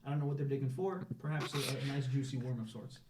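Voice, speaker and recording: A man's voice: mid-range voice, quick pace, recorded from a distance, noisy background. Rambling man, echoey room. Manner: rambling, laughs often, swears casually. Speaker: podcast co-host. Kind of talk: casual chat.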